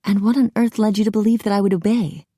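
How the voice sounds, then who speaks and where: A woman voicing a bold, quick-witted young heroine in an audiobook, brisk and spirited. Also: mid-range voice, steady tone, mellow, no room sound, studio quality, voice pushed up, natural voice. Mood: tart. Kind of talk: audiobook character voice.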